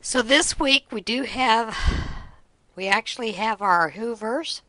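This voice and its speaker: A middle-aged woman hosts a knitting podcast, a craft vlog of casual storytelling, sharing teasing, good-humored anecdotes in a chatty way and laughing often. Her voice is on the high side, pushed and bright, and she takes it slowly with no echo.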